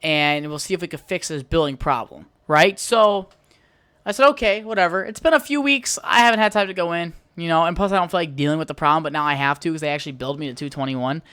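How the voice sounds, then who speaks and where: An American podcast host delivers a heated, profanity-laden solo rant on their own show, one long angry monologue. They talk fast at a middling pitch, with a slightly bright, clear, resonant tone recorded dry and close with no room sound.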